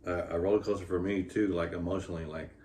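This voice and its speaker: A man's voice: low voice, fairly even intonation, quick pace, darkish tone, far from the mic. A man vlogging with his partner about their pregnancy, talking in a heartfelt, rambling way with lots of fillers. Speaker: vlogger, expecting father. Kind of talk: casual couple vlog talk. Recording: echoey room, voice from off the mic, faint room noise.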